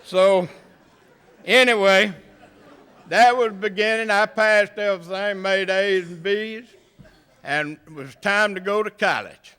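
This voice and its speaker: An older man with a thick rural Southern accent, telling humorous, homespun stories in a banquet speech. His voice sits fairly high and sounds bright and forceful. It comes through smooth and clear. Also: unhurried, a faint crowd. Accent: Southern US, rural Gulf Coast area. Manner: folksy, humorous storytelling. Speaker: hall of fame inductee.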